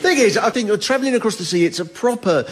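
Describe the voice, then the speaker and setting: A man doing stand-up comedy, telling stories with animated, mock-outraged outbursts. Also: sits high, fast talker, long reverb tail, crowd noise. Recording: noisy live recording with audience laughter.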